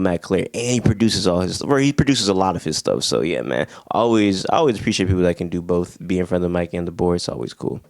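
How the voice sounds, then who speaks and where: A young man hosting a casual music review, talking excitedly in slang, laughing often and breaking into bits of song. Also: deep voice, smooth, no room sound, clean studio sound. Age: young adult. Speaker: music reviewer, channel host.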